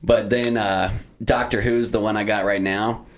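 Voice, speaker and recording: A man with a fairly low voice chats casually about movies on a podcast. He rambles along loosely, padding his sentences with filler words. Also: steady tone, normal speed, a little hiss or hum. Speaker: podcast co-host.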